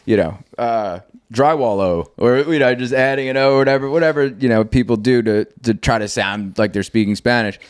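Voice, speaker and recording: A man's voice: medium pitch, brisk, few pauses, smooth, dry recording, clean studio sound. A man hosting a casual conversation, rambling and telling stories animatedly with lots of fillers. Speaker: host.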